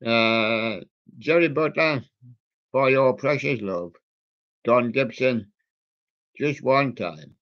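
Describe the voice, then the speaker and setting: A man's voice: mid-range voice, takes it slowly, long pauses. A man hosting a music show who reels off records and years in a loose, chatty way, slipping puns in between. His voice sits in a middle range and comes through a dull, lo-fi recording. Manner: rambling, wordplay on song titles. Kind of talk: casual record-show chat.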